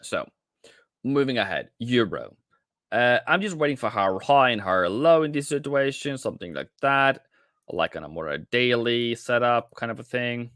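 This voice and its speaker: Animated and fairly bright, this mid-range male voice moves at a moderate pace on a casual live trading stream, recorded dry in studio quality. He talks straight to his viewers as mate and brother, often restarting his sentences.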